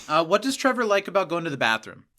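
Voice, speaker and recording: A man co-hosting a podcast in casual chat, playful, dropping low for asides. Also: sing-song, fairly quick, sharp tone. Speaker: podcast co-host.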